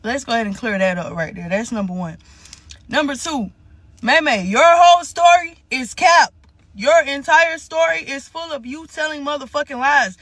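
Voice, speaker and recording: Woman in her 20s going off, cussing, bright sharp high voice, dry sound. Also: moderate pace, no room sound. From Columbia, South Carolina. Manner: angry, profane, emphatic. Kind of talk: casual rant to camera.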